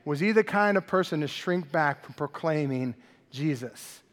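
High voiced man preaching, chatty, keeps asking right?, long echo in a church. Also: moderate pace. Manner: conversational, animated preaching with frequent "right?" asides. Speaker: pastor. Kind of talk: expository sermon.

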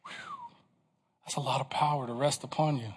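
A man's voice: mid-range voice, fairly even intonation, fast, breathy edge, long reverb tail. A man preaching a sermon to his congregation, asking questions and pressing his points with emphasis. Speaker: pastor.

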